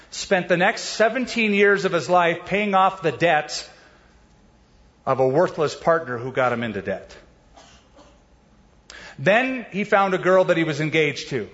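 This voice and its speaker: A man preaching a sermon in a lively, casual way, mixing slang with scripture and acting out the voices in the stories with sudden leaps in pitch. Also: highs cut off. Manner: animated preaching, acting out quoted voices with big pitch jumps. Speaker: pastor.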